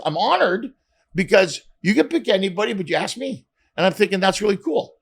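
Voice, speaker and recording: A middle-aged man from Canada, a comedian guest telling animated stories and acting out dialogue with swearing. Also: high-pitched, brisk, creaky, husky. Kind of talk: casual storytelling interview.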